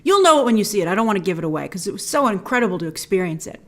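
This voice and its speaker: A young woman talking to camera in a casual film review, chatty and animated, acting out her own reactions in sudden bursts. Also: mid-range voice, racing.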